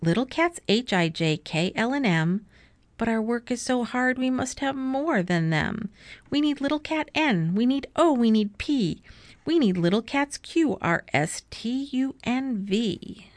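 A woman's voice: a little high, animated, unhurried, dry recording. A woman reading as a boastful big storybook cat. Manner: showy, boasting, bossy. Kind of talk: storybook read-aloud.

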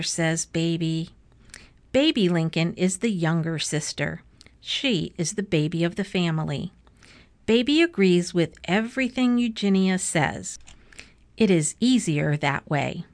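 A woman reading a children's storybook aloud in a clear, deliberate way. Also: on the low side. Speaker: reader.

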